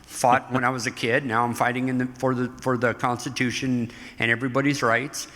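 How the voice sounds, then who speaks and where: A middle-aged man, a guest in an interview, telling stories from his life in an animated way, often laughing. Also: medium pitch, fairly quick. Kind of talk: storytelling interview. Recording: hall reverb.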